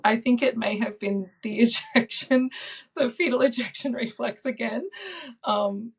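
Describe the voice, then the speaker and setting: A woman in her thirties, a podcast guest telling a personal story in a soft, reflective way with frequent ums and likes. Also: on the high side, unhurried, breathy edge. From Australia.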